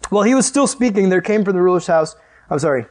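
A man with a high, light voice preaches a relaxed, conversational sermon at a quick pace. He tells the story with animated energy, repeatedly turning straight to his listeners to hold their attention.

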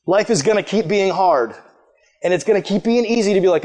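A man preaching a sermon in a casual, animated way, acting out the people he quotes. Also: sits high, brisk.

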